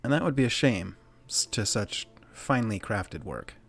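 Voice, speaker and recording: A man narrating as game master, relaxed and full of fillers. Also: on the low side, moderate pace, creaky, faint music behind.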